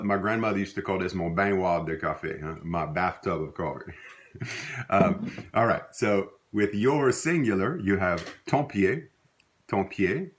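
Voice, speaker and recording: A middle-aged man with a Louisiana accent teaching a language lesson in a relaxed, rambling way, with many fillers and self-corrections. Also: deep voice. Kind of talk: casual spoken lesson.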